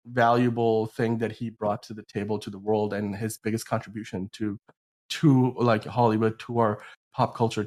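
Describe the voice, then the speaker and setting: A man's voice: on the low side, darkish tone. Rambling sick-voiced man chatting. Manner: rambling, full of "like" and restarts. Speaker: podcast host. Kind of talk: casual podcast chat.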